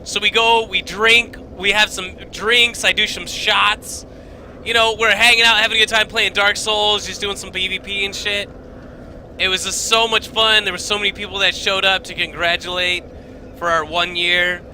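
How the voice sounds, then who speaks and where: A man's voice: sits high, level tone, moderate pace, bright, forceful tone, slight background noise, poor audio. A young man streaming from his home basement, telling a story casually, rambling and swearing with lots of fillers and restarts.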